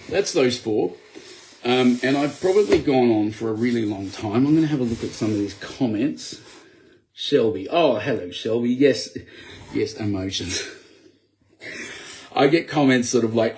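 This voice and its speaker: A man, an author, talking casually on a late-night live video chat, rambling with many fillers and restarts in a gravelly voice. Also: darkish tone, slight background noise. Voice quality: gravelly, low voice. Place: home at night. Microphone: computer or phone for live video.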